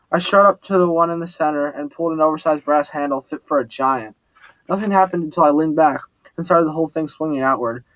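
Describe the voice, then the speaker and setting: A man narrates a first-person story in a plain reading voice, now and then stumbling and restarting a word. His voice sits somewhat high for a man, and the recording is dry and close. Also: no echo, rough recording. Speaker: audiobook narrator.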